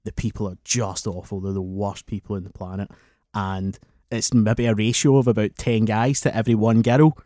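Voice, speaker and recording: A man's voice: on the low side, fairly even intonation, moderate pace, mellow, no echo, clean studio sound. A man co-hosting a casual podcast chat, telling wry, grumbling stories and swearing freely. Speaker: podcast co-host.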